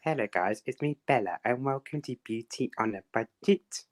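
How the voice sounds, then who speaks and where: A man's voice: medium pitch, lively intonation, normal speed, natural voice. A young man doing a light impression of a bubbly young woman beauty vlogger greeting her viewers. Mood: cheery greeting.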